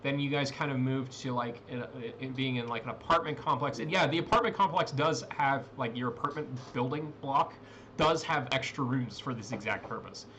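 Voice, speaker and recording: A man's voice: medium pitch, a little fast, background noise. A man narrating a tabletop role-playing game as game master, rambling with many fillers and restarts.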